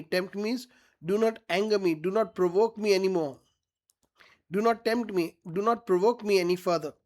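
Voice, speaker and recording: A man's voice: high-pitched, fairly quick. Male teacher. Reads a line aloud, then explains it simply and checks students follow. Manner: reads each quote then paraphrases it plainly, often checks "got it?". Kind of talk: line-by-line literature lesson.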